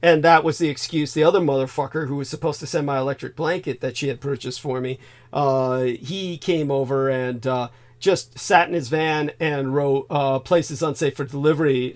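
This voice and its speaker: A man hosting a livestream, telling a rambling, animated story with profanity in casual chat. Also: fairly high pitch, fairly quick. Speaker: livestream host. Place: home.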